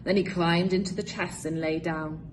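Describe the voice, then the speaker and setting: A woman's voice: on the low side, slight background noise. A teacher, a woman, reading a children's storybook aloud with lots of expression. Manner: expressive, slow read-aloud.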